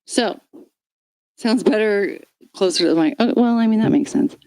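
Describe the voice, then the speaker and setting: A woman's voice: mid-range voice, moderate pace, a little mellow, clean tone, no echo. A woman hosting a casual livestream chat, rambling and swearing offhandedly as she talks into a handheld karaoke microphone. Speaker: livestream host.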